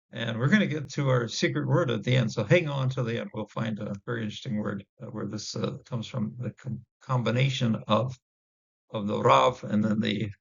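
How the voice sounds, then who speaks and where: Man, gravelly, halting lesson delivery with fillers; muffled low-fi recording. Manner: halting, many fillers, sounds out Hebrew words. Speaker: Hebrew teacher. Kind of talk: casual word-study lesson. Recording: dull lo-fi audio.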